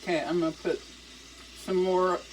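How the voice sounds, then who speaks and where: A woman's voice: on the low side, little pitch movement, normal speed, a little hiss or hum, low-quality recording. An older woman vlogging from her home kitchen while she cooks. She rambles candidly and swears a lot. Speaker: cooking vlogger. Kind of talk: casual rambling monologue while cooking. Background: sizzling frying pan.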